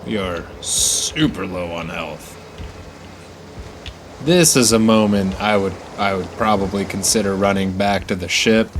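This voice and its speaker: Slow, low-voiced male game streamer. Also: slight background noise. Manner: wry, self-mocking, jokey asides. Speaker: gaming streamer. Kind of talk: casual let's-play commentary.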